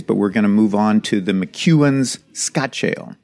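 Low-voiced man hosting a beer chat. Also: normal speed, hardly any pauses, a little mellow, faint music behind. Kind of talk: casual podcast chat.

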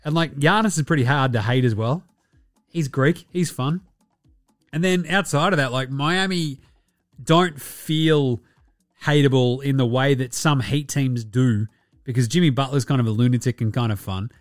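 A man's voice: mid-range voice, moderate pace, no room sound, studio quality, faint music behind. An Australian man hosting a basketball podcast, in casual, profane and rambling commentary. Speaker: podcast host.

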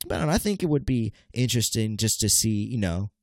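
A man's voice: lowish voice, big pitch swings, fast, a little mellow, no echo. Late-20s male podcast host, nasal and congested, rambling and stammering, dry close sound. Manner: rambling, stammering, keeps calling listeners "people". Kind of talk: casual solo podcast monologue.

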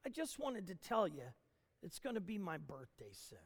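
A woman's voice: lowish voice, sing-song, normal speed, breathy edge, pitched below the performer's own voice, exaggerated voice. A man voicing a timid woman nearing forty who speaks in a hurt, hesitant way. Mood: hurt, wistful. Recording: long hall reverb.

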